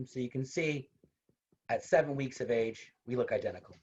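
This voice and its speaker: A university instructor gives a casual online lecture in a conversational style, repeating his points and tossing in personal asides. His medium-pitched voice is unhurried and fairly bright, with lively intonation and a breathy edge, heard through dull, lo-fi video call audio.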